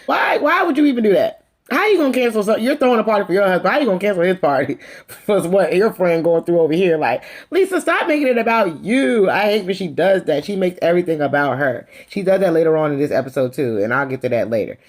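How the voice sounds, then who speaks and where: A woman's voice: on the low side, fast. A woman recaps a reality TV episode in a loose, chatty vlog voice. She is sassy and opinionated, and she calls the cast out directly. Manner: sassy, opinionated gossip commentary; animated, calls out people directly. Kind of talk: casual episode review.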